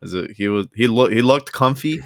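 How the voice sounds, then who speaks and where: A young man rambles his way through a silly story on a casual comedy podcast, joking and tripping over his own restarts. His voice sits at an ordinary middle pitch. It sounds close and dry, with no room around it. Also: fairly quick, no echo. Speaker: podcast co-host.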